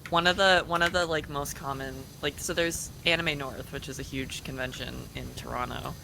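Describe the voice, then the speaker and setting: A stream co-host who explains things in animated, casual chat. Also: medium pitch, moderate pace, gravelly. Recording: noisy background.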